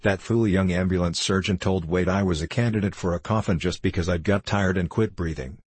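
A man voicing a burly, arrogant middle-aged businessman who talks in a hearty, gruff way. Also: sits low, fairly even intonation, fairly quick, darkish tone, no echo. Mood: bluff hearty.

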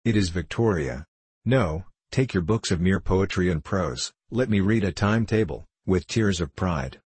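A man's voice: low-pitched, expressive, moderate pace, a little mellow, husky, no echo. A man voicing a passionate young male poet in an audiobook reading, speaking in a declamatory way. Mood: declaiming. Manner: impassioned, declamatory.

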